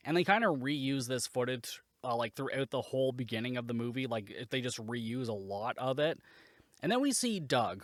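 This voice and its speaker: A man's voice: medium pitch, a bit bright, dry recording, clean studio sound. A man hosting a podcast, giving a casual, rambling and sarcastic spoken review, swearing freely. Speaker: podcast host, movie reviewer.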